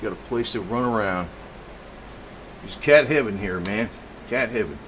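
A man's voice: on the low side, normal speed, pauses often, slight background noise, poor audio. A man casually narrating a home video, rambling and swearing as he chats to his cats about a walkway he built. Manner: rambling, profane, chatty, talks softly to his cats. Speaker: home DIY vlogger. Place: indoor home room.

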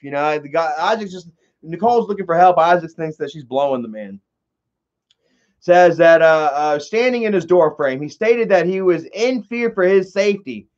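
A young man hosts a loose, profane commentary in a rambling, excitable way. His voice sits high for a man. The recording is dull and lo-fi. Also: normal speed. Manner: rambling, heavy swearing, excitable. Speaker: commentary host.

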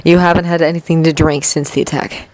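A woman's voice: low voice, little pitch movement, brisk, darkish tone, dry recording, voice pushed down, natural voice. A woman voicing a guarded, cold male wizard who speaks in short, commanding lines. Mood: curt. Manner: clipped, commanding.

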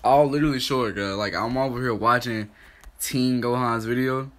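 A young man doing profane, mocking trash-talk commentary on a stream, laughing and calling people out in a put-on higher voice. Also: steady tone, moderate pace. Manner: mocking, laughing, loud call-outs; put-on higher voice instead of his deep one. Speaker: YouTube commentator.

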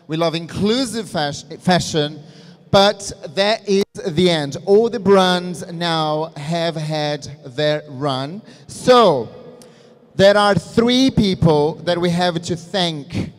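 A man with a notably high voice emcees a live fashion show, playful and theatrical. He takes his time, stretching his words slowly. His voice rings with a long reverb from the hall. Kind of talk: live event emcee speech. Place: event hall.

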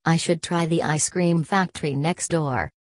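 A woman's voice: low voice, a little slow, no echo. A woman voicing a stern, sarcastic male factory gatekeeper who talks with scorn.

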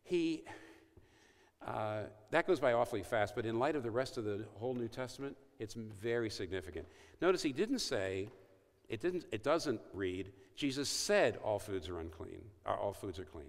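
A man's voice: medium pitch, animated, moderate pace. Earnest male speaker in a reverberant hall. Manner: earnest storytelling, acting out quoted lines. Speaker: speaker at a university event. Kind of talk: evangelistic talk.

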